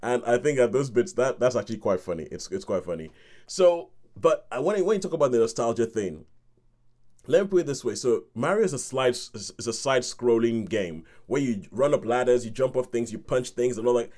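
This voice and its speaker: Brisk and animated, with a darkish mid-range voice, a man hosts a film review podcast in a casual, chatty style. He laughs frequently, hums tunes, and acts out how he reacted.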